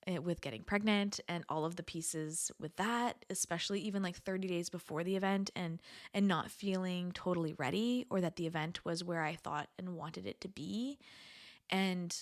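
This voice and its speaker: A woman's voice: fairly low pitch, normal speed, dry recording, studio quality. Chatty, earnest woman podcast host. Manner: chatty, earnest, laughs often, repeats words for emphasis. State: has the hiccups. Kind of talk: casual solo podcast talk.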